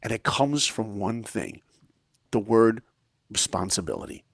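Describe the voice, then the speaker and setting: Animated gravelly-voiced male storyteller. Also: measured pace, no room sound, clean studio sound. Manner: energetic, acts out quoted lines with big swings in pitch and volume. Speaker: podcast guest, filmmaker and speaker.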